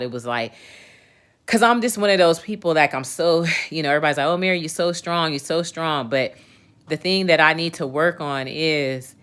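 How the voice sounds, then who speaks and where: This livestream host, a woman in her forties, has a very deep yet slightly bright voice that's clear and resonant. Venting casually, she's candid, emphatic, and quick to swear, addressing viewers directly, checking in with chat, and often asking "you know what I'm saying."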